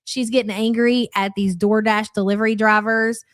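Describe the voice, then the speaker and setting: A woman's voice: mid-range voice, flat delivery, moderate pace, no echo, clean studio sound. A woman hosting a live reaction stream, talking casually and bluntly with a sarcastic edge as she answers viewer chats and calls them "hun".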